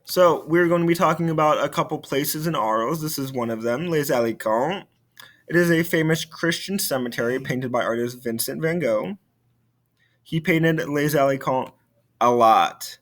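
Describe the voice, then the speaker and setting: A young adult man, a French teacher, giving a recorded video lesson in a relaxed way with many fillers and restarts. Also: a little high, normal speed.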